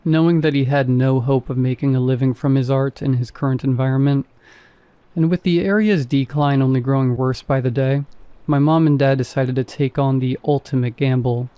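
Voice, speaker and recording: A man narrates a first-person scary story with calm, measured pacing. His voice is mellow and dark-toned, sitting at a middle pitch. The reading is steady and scripted. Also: clear, resonant tone, no room sound.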